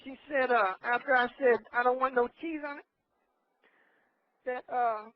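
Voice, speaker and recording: A man's voice: very high voice, steady tone, moderate pace. A man with a Los Angeles accent telling a rambling comic story as a regular caller, losing his train of thought. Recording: dull radio broadcast audio.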